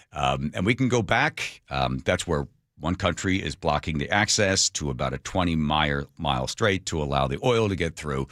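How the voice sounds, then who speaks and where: A man hosting a radio talk show, casually retelling a history story with jokes and quick put-on voices. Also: low-pitched, fairly bright tone, dry recording, studio quality. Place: radio studio. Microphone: studio microphone.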